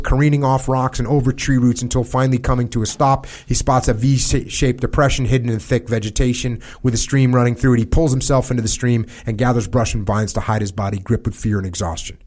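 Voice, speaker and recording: Guy reading a war story out loud on a podcast, serious and steady, middle voice. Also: mid-range voice. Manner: measured, grave reading with small slips and restarts. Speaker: podcast host. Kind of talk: reading a war account aloud.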